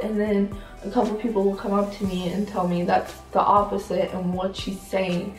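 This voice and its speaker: A shy teenage girl co-hosting a casual sit-down chat, soft-spoken and hesitant, full of fillers. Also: medium pitch, flat delivery, moderate pace. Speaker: channel co-host. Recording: roomy sound, mic at a distance, faint music.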